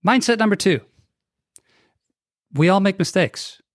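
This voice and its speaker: A man's voice: high voice, expressive, measured pace, no echo, clean studio sound. A man being interviewed on a podcast, talking with energy and acting out the voices he quotes. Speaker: guest.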